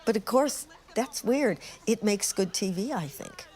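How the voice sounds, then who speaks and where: A woman's voice: medium pitch, lively intonation, a little slow, darkish tone. An older woman presenter looking back on her past interviews, candid, wry and self-mocking, in a reflective documentary narration.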